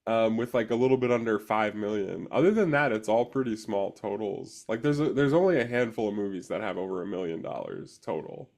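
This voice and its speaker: A man's voice: on the low side, animated, fairly quick, creaky, hardly any pauses, darkish tone. A man in his thirties co-hosting a movie podcast, chatting casually and laughing often. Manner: laughs often while talking. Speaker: podcast co-host. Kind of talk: casual chat.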